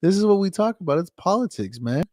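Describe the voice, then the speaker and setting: A man's voice: high-pitched, big pitch swings, quick pace, mellow, no echo, clean studio sound. A man from the United States ranting casually on a live stream, reading chat and repeating himself, often adding "man" and "dude". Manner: rambling, repeats phrases, says man and dude.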